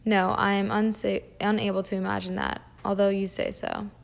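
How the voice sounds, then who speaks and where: A woman reading the lines of a troubled pastor's wife in a storybook, asking soft, pleading questions in a creaky, level voice. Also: medium pitch, flat delivery, moderate pace, lightly acted.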